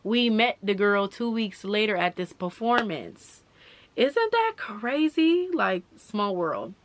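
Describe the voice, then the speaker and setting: A woman's voice: mid-range voice, lively intonation, unhurried, a bit bright, slight background noise. A young woman telling a storytime on her vlog, swearing freely and quoting others in her own voice. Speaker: vlogger.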